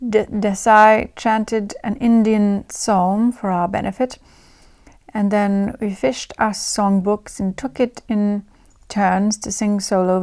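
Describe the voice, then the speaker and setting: A woman voicing a young English art student from the 1920s, reading her diary aloud in a put-on English accent with her voice pitched lower. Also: darkish tone.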